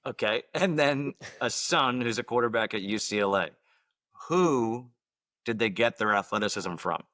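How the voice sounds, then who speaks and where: A man's voice: medium pitch, lively intonation, normal speed, sharp tone, dry recording. A man hosting a podcast, asking his guest direct, upbeat questions. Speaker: podcast host. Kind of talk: interview questions.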